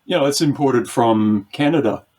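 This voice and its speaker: A man's voice: mid-range voice, lively intonation, moderate pace, darkish tone. A man with a New Zealand accent, chatting casually as a podcast guest, with many ums and restarts. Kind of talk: casual chat.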